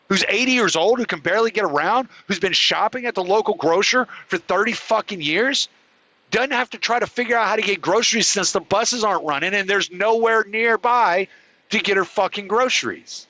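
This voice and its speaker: A podcast host unleashes a furious, profane, heated rant on his own show, an angry monologue start to finish. His voice is high-pitched, a little fast, pushed and bright, with no echo and poor audio quality.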